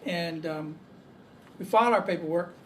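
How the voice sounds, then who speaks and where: A man telling a story to a group, halting often on fillers. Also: a little high, fairly bright tone. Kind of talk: casual storytelling. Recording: distant mic, faint background noise.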